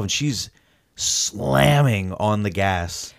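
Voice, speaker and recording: Lively man telling a story. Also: on the low side, slow pace, creaky. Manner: animated, acts out the scene, lots of "like". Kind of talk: casual storytelling.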